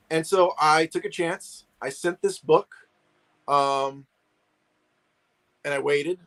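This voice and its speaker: A man's voice: medium pitch, fairly bright tone, low-quality recording. Rambling New man on a call. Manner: rambling, many restarts and fillers. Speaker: guest collector. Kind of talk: casual chat.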